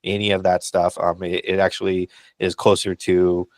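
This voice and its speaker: A man with a deep voice that stays low and level speaks in a casual podcast discussion. He sounds encouraging and pastoral, peppering his thoughts with ums, and the recording is dry with no room sound. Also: level tone, moderate pace, no room sound. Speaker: podcast co-host.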